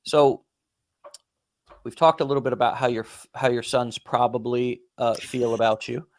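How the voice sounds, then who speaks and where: A man's voice: medium pitch, fairly even intonation, normal speed. A man hosting a conversational interview, rambling with many fillers and restarts and casual swearing. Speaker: podcast host.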